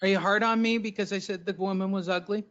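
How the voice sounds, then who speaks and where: A man with a high voice talks boxing in loose, profane banter, brash and needling. The audio sounds dull and lo-fi. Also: steady tone, fast, a bit bright. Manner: brash and crude, needling his co-host. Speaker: boxing podcast co-host. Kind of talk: casual chat.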